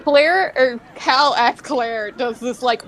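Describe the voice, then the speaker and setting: A woman player who describes her character in a rambling, filler-heavy flow. Her voice sits a little high, and faint noise runs under it. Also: takes it slowly, some chatter behind, rough recording. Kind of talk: casual tabletop play.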